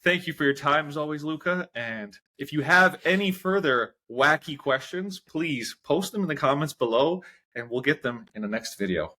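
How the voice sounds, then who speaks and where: A man's voice: fairly high pitch, lively intonation, normal speed, sharp tone. An American man hosting a casual interview, telling jokey anecdotes in an upbeat way. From United States. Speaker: host.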